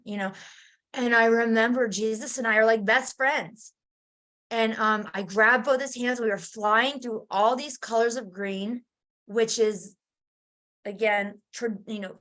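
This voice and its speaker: A middle-aged woman telling her near-death experience in a casual, animated way, full of fillers and restarts, acting out her own quoted words. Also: a little high. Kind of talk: casual spiritual storytelling.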